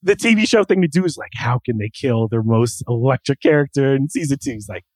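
A man co-hosting a casual pop-culture chat, excitable and acting out quotes with the odd swear word. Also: mid-range voice, a little fast, no room sound, rough recording. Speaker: podcast co-host.

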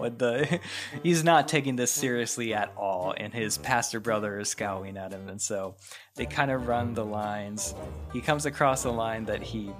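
Brief: male podcast host, mid-pitched, animated comic storyteller, music underneath. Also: unhurried. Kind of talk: comedic storytelling.

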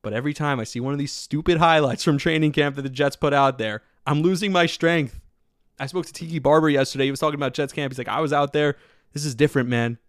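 A man hosting a solo sports podcast, talking in an excitable, rambling way with lots of filler words. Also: a little high, quick pace, no echo, studio quality. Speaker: podcast host.

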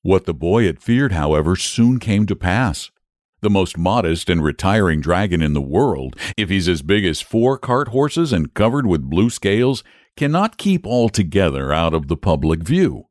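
Male storyteller, low voice with lively lilt, measured reading, dry close sound. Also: no echo. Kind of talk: storybook narration.

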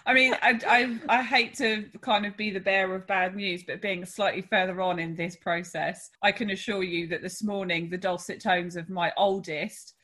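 Woman in her thirties, breathy sarcastic co-host. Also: mid-range voice, steady tone, normal speed, hardly any pauses, pushed and bright. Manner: crude, laughing and sarcastic. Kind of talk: casual chat.

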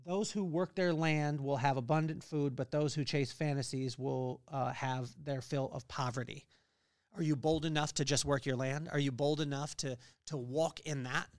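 A middle-aged man hosting a podcast, giving a lively motivational faith talk with family stories and scripture readings. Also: medium pitch, moderate pace, no room sound, studio quality. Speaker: podcast host.

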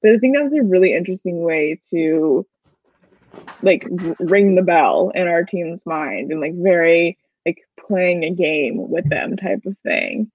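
Her lowish voice has a breathy edge as this woman co-hosts a podcast, enthusiastically recapping things for fans in a casual way. She's animated and drops in fast asides with laughter, all in a dry, dull lo-fi recording.

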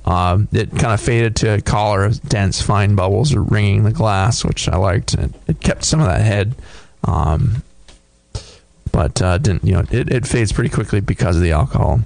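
A man co-hosting a beer podcast, casually describing a tasting in a thoughtful, halting way with many fillers. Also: lowish voice, expressive, creaky, darkish tone, dry recording. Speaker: podcast co-host reviewing beer.

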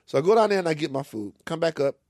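A man from Louisiana co-hosts a loose, comic conversation and tells his stories with big swings in pitch. His voice sits a little high for a man. The sound is dry and close to the mic. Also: very fast, no echo. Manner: animated storyteller, acts out other voices. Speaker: podcast co-host. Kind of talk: casual comic chat.

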